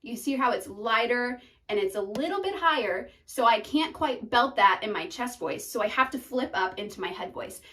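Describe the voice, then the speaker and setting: A young woman explains singing terms in an upbeat, chatty way, now and then singing a short note to show what she means. Her voice sits a little high. She sounds a bit distant from the microphone. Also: lively intonation, normal speed, hardly any pauses, a bit bright. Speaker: voice teacher.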